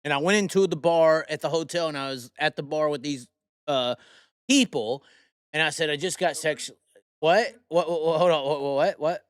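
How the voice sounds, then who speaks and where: A man's voice: on the high side, normal speed, clear, resonant tone, no echo, studio quality. A man hosting a podcast, telling a rambling, profane and heated story in casual talk. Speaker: host.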